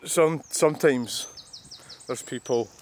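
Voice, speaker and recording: Older Scottish man, sixties, mid-pitched and meandering, wry vlogger talking to himself outdoors with faint background noise. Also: slow pace, a little mellow. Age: 60s. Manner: musing, meandering, wry self-mocking asides. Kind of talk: rambling, reflective monologue.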